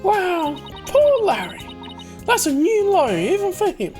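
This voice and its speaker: Chirpy, bubbly young woman, very high and lively, voiced by a woman. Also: takes it slowly, soft background music, heavily acted. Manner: chirpy, teasing.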